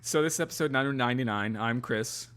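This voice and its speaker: A man's voice: medium pitch, fast talker, background noise. A man co-hosting a podcast in casual chat, playful with wry asides. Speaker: podcast co-host.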